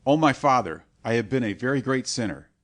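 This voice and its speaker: A man's voice: mid-range voice, lively intonation, normal speed, close to an everyday voice. Man voicing a dying, pleading lord. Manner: anguished, imploring.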